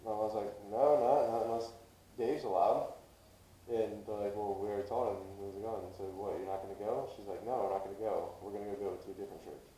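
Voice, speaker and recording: Man, podcast co-host, casual profane storytelling, dark voice, echoey room, off-mic. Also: lowish voice, fairly even intonation, quick pace, a little hiss or hum.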